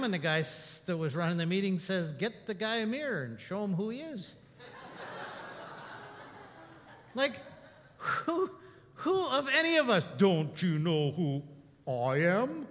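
Guy preaching a sermon, high bright voice, storytelling, goes from hushed to animated, big echoey hall. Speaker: pastor.

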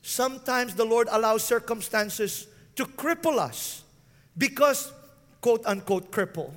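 A man's voice: very high-pitched, a bit bright, long reverb tail. A man preaching a sermon as pastor, often calling out questions to his listeners. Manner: preaching with frequent call-outs to the listeners.

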